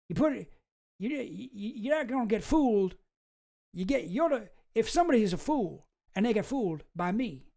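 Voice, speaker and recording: A man's voice: high voice, gravelly, darkish tone, pitched above the performer's own voice, heavily acted. A man putting on a folksy, cocky middle-aged male president with a drawl, tongue-tied and mangling old sayings.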